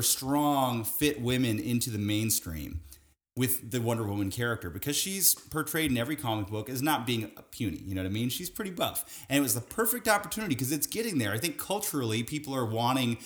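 A man chatting casually on a podcast, ranting with animation and laughing often. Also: medium pitch. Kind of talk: casual chat.

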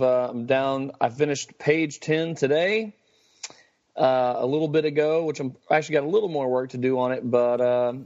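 A man's voice: mid-range voice, a little mellow, lo-fi sound. A man co-hosting a casual podcast, laid-back and hesitant as he talks. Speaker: comic artist, podcast co-host.

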